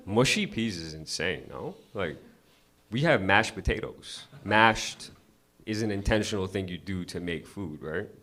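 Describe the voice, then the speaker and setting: Low-voiced man doing stand-up. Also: animated, a little slow, a bit bright. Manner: casual, profane, conversational delivery. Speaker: stand-up comedian. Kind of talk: open-mic stand-up set. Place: comedy club stage.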